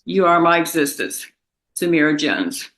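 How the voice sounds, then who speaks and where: Tearful young woman, bright voice. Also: sits low, expressive, poor audio. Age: young adult. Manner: emotional, halting, with restarts and repetitions. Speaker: victim's daughter giving impact statement. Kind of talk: reading a prepared statement aloud. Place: courtroom.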